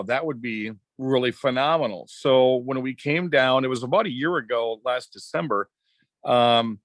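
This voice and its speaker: A middle-aged man from Wisconsin, a former racetrack announcer, telling a story as a podcast guest in a chatty, animated way. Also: mid-range voice, no echo. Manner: chatty, animated anecdotes with quoted dialogue. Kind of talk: casual storytelling.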